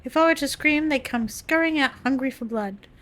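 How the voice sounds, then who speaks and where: A woman's voice: sits high, animated, normal speed. A woman voicing an evasive late-middle-aged librarian in a game, speaking in a sugary way and calling people dearie, with game music behind. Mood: sweetly warning.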